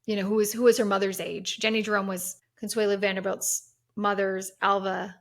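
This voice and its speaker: A woman's voice: mid-range voice, flat delivery, brisk. A woman hosting a podcast, retelling a history story in casual chat with many fillers and restarts. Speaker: podcast host.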